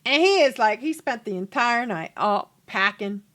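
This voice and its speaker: A woman's voice: a little high, expressive, moderate pace, fairly bright tone. A woman hosting a let's play, chatting casually and laughing as she comments on her game.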